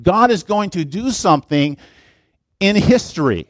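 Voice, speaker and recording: In a church sanctuary, a male pastor preaches a sermon, shifting between scripture read aloud with pauses and stresses and chatty, digressive asides to the congregation. His voice is a little high and very animated, with no room sound audible.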